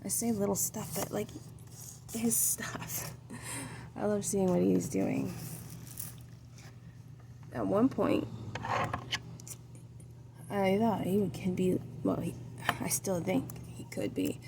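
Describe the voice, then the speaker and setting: A woman's voice: medium pitch, takes it slowly, creaky, pauses often. A middle-aged woman vlogging as she paints, rambling and hesitant, trailing off, sounding tired. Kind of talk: casual rambling chat while painting. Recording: noisy background ambience.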